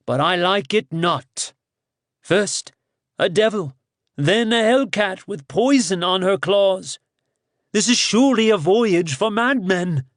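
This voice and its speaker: A man's voice: animated, a little slow, no echo, clean studio sound. A man putting on a fretful, frightened rogue. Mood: gloomy. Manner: dismal and fearful, voice climbing high. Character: fretful, superstitious male sea rogue.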